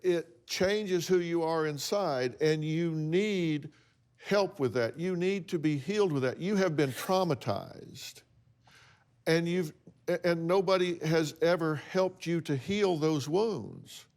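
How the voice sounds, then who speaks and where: A man's voice: fairly high pitch, slow pace, darkish tone. A man hosting a talk show, counseling a guest in a blunt, emphatic, lecturing way. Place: TV studio with audience.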